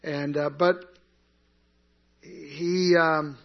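A man's voice: on the high side, fairly even intonation, very slow, creaky. A man teaching an interactive Bible class in a conversational way, asking the group questions and answering them himself. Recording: dull lo-fi recording.

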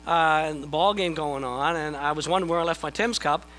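Bright-voiced pastor preaching. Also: male voice, on the high side, brisk, a little hiss or hum, poor audio. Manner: conversational, self-deprecating, repeats words when starting a thought. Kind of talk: sermon.

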